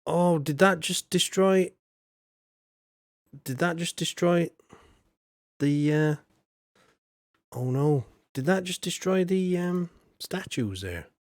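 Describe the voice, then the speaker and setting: A man's voice: fairly high pitch, expressive, slow, pauses often, no room sound, studio quality. A man streaming a farming game, rambling casually and greeting viewers by name. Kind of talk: casual gameplay commentary.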